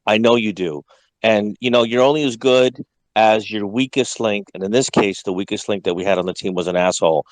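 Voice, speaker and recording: A man's voice: mid-range voice, no room sound, low-quality recording. A brash, profane man speaking emphatically in a casual group voice chat.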